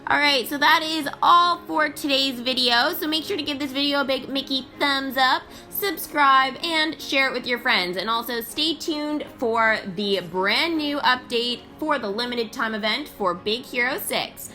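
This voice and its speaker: A woman hosting a mobile game video, giving bubbly, excitable, chatty gameplay commentary. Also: high voice, unhurried, few pauses, faint music behind.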